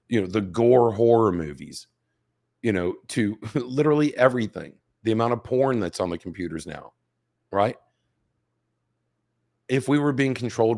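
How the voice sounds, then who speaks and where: A man in his fifties talks straight to his viewers as a show host, pressing his points with rhetorical questions. His voice sits a little low and carries a slight hoarseness. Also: darkish tone. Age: 50s. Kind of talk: direct-to-camera commentary.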